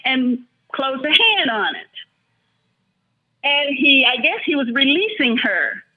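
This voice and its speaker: An older woman, a guest in an interview, reflecting earnestly and with feeling as she tells personal stories. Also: sits high. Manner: thoughtful, earnest, speaks with feeling. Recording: dull lo-fi recording.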